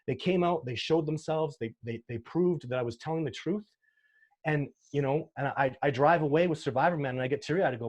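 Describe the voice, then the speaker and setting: A Canadian sasquatch researcher is interviewed in a casual conversation, speaking fairly quickly in a slightly high, darkish-toned voice. He talks earnestly and with emotion, often restarting as he tells his stories.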